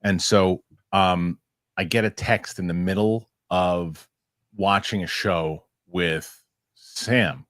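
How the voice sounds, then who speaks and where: A man's voice: low voice, steady tone, slow pace, fairly bright tone, dry recording, studio quality. A man hosting a casual podcast chat, jokey and rambling. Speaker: host. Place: New York studio.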